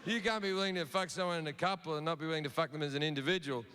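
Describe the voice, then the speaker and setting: A man's voice: a little high, fairly even intonation, rapid-fire, pushed and bright, clean tone. A man doing a crude stand-up comedy set on a theatre stage, telling a story and acting out the voices in it. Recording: reverberant live theatre recording with audience.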